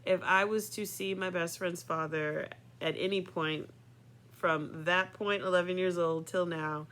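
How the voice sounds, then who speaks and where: A woman's voice: on the low side, fairly even intonation, measured pace, fairly bright tone. A woman in her thirties telling a personal story in a chatty way, full of fillers, often laughing. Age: 30s.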